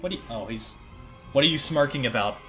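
Brief: young male gamer, animated and profane, shouts in bursts, game music underneath. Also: mid-range voice, fast talker. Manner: excitable, swearing, yelling at the game. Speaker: gaming video creator. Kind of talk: gameplay commentary.

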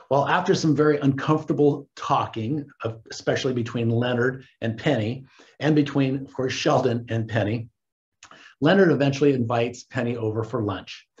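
A man hosting a casual recap, animated and quick to laugh as he retells the story. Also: medium pitch. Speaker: host. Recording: dull lo-fi recording.

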